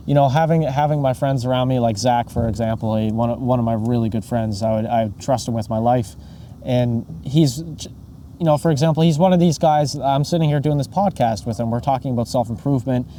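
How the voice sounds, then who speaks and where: Earnest guy opening up on a podcast, very dark mellow voice, bit of hiss behind. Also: mid-range voice. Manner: earnest, reflective, repeats himself as he thinks. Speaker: podcast co-host. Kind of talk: candid mental health podcast talk.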